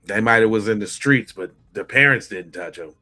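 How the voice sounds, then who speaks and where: Bright-voiced outraged man reacting. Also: on the low side, moderate pace, soft background music. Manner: blunt, outraged, casual slang. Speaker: podcast host. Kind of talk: reacting to true crime footage.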